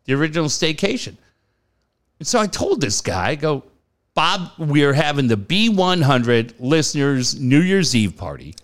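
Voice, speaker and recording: A man's voice: on the high side, sing-song, normal speed. A man in his late forties from the San Diego area, telling a story casually, swearing freely and acting out the voices of the people in it. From San Diego area, California. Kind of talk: casual chat.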